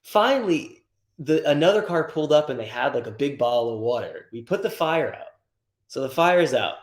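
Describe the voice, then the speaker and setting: A man who tunes cars, a guest on the show, telling a wild shop story in a casual, profane, animated way. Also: mid-range voice, normal speed, reverberant. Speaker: guest, car tuner.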